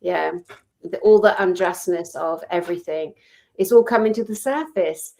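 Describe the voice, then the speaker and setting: A woman co-hosting a casual chat, speaking in a passionate, outspoken, animated storytelling manner. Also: on the low side, normal speed, creaky. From Britain. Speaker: co-host.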